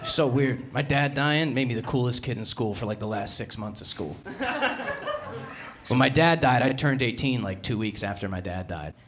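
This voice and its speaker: A young man from New Jersey with a Jersey accent works a comedy club stage in a brash, self-mocking style. His voice sits at an ordinary middle pitch. Clear crowd noise and laughter carry under his set. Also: moderate pace. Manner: brash, self-mocking, punchy delivery with loud acted-out quotes. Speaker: stand-up comedian. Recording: live room with audible crowd noise. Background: audience laughter.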